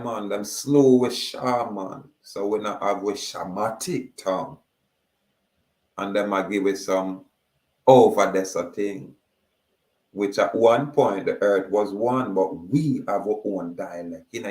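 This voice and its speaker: Slow, echoey Jamaican man declaiming. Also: on the low side, darkish tone. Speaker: speaker. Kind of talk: emphatic monologue.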